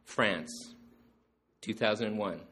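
A man's voice: on the low side, takes it slowly, pushed and bright, slightly rough, exaggerated voice. A man voicing a smug wine expert in a joke, pronouncing each word with care. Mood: confident.

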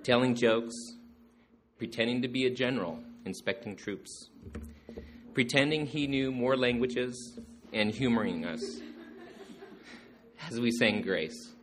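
A man telling stories about his father to a gathering, animated and acting out the jokes. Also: medium pitch, unhurried, long pauses, a little hiss or hum. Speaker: storyteller remembering his father. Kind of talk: storytelling to a gathering.

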